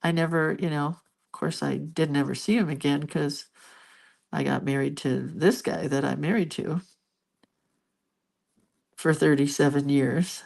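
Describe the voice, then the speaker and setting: Soft-spoken older woman chatting while she colors. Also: low voice, steady tone, measured pace, creaky, pauses often. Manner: rambling, chatty storytelling; soft, murmured asides. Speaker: art vlogger. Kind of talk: casual chat while coloring.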